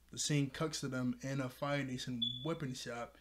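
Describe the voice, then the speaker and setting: A man's voice: medium pitch, steady tone, moderate pace, very noisy. A man recapping a cartoon episode in a rambling way, often correcting himself. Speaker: video reviewer.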